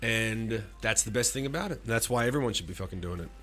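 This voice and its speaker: A man in his forties, a musician streaming live, talking casually with animated, profane rants and answering chat. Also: on the low side, a little fast.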